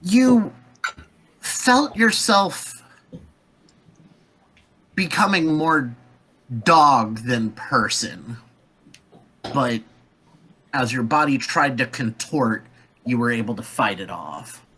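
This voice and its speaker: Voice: mid-range voice, very animated, very slow, long pauses, sharp tone, husky. A game master narrating a tabletop game, describing scenes and calling on players to roll. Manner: describes scenes and calls for rolls.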